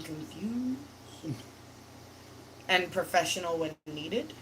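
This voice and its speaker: A woman's voice: lowish voice, animated, slow pace, a bit bright, a little hiss or hum, low-quality recording. A woman co-hosting a casual chat, giggly and teasing. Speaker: co-host.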